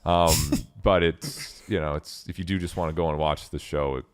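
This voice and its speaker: A man's voice: very deep voice, normal speed, no echo. A young man chatting casually, rambling with many restarts and lots of swearing. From Canada. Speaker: podcast guest. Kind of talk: casual chat.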